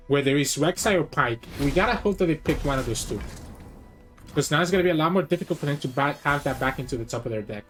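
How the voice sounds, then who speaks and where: A man giving live gameplay commentary on a card game, thinking aloud and weighing each play as he goes. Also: fairly high pitch.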